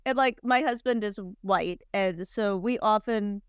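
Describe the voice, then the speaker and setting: A woman in her forties hosting a podcast, telling stories in a chatty, animated way with lots of fillers. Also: mid-range voice, measured pace, smooth, no echo, studio quality. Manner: chatty, animated storytelling with frequent "like" and laughs. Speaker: podcast host. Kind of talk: casual chat.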